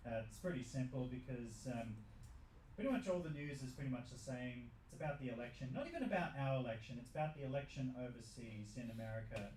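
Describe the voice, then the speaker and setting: A man's voice: medium pitch, expressive, fast, a little mellow. A man hosting a comedy show, rambling and joking with the audience. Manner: rambling, jokey, chats with the audience. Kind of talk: casual stand-up banter. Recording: echoey room, distant mic, faint background noise.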